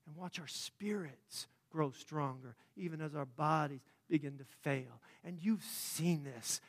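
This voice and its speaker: A man with a high voice preaches a sermon. He talks to the congregation like a friend, sometimes dropping his voice low and sometimes swelling into fervent, loud emphasis. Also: measured pace. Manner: conversational preaching, swinging from hushed to fervent. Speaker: pastor.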